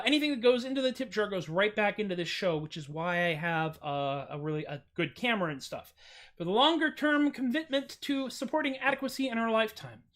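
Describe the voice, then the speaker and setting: An American man hosting a casual livestream from home, chatty and self-mocking, with goofy jumps up in pitch on his jokes. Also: fairly bright tone. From United States. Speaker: streaming musician host.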